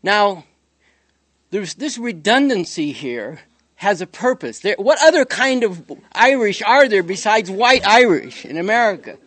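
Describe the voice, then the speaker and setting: Sardonic, digressive man, fairly high voice. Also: sing-song, unhurried, fairly bright tone, no echo. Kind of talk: spoken commentary monologue.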